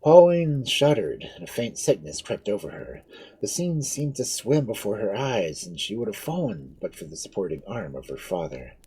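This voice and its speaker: Male storyteller with a dark, husky voice and dramatic, widely swinging delivery. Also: on the low side, normal speed, rough recording. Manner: dramatic, expressive narration. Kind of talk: reading a novel aloud.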